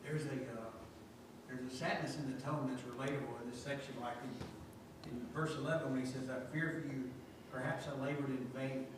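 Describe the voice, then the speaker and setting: A man in a Bible study class shares a quiet, reflective thought. His voice comes from far off, in a very echoey room with clear background noise. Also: mid-range voice, fairly even intonation, a little fast. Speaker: class participant.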